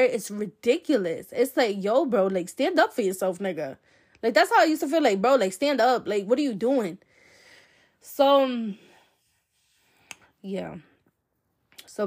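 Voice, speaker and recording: A young adult woman hosting a podcast, telling a personal story in a blunt, profane, chatty way full of fillers. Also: fairly high pitch. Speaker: podcast host.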